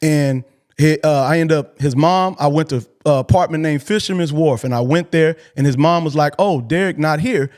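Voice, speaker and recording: A call-in show host from Texas tells a personal story at a moderate pace in a higher, slightly mellow voice. Earnest and colloquial, he grows emotional, near tears, and keeps repeating himself.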